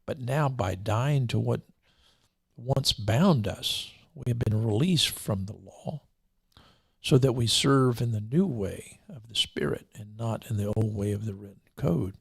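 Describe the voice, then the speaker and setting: A man hosting a show, reading scripture aloud with commentary in a deliberate way, slowing down and repeating key lines. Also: medium pitch, creaky, breathy edge, dry recording, studio quality. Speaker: show host and preacher.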